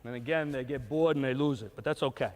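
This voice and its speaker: A man's voice: mid-range voice, fast. Older guy coaching kids, short encouraging commands, long reverb like a big hall. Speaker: youth baseball coach. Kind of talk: coaching a throwing drill.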